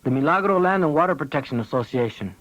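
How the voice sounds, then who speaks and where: A man's voice: a little high, fast talker, no echo. A man voicing a tough, blunt village woman. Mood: earnest. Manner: earnest, blunt and steady. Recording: dull lo-fi tape audio.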